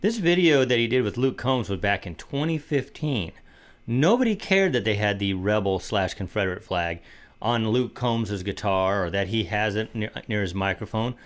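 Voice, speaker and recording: A man's voice: lowish voice, lively intonation, moderate pace. Emphatic man co-hosting a reaction show. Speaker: co-host. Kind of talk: reaction commentary.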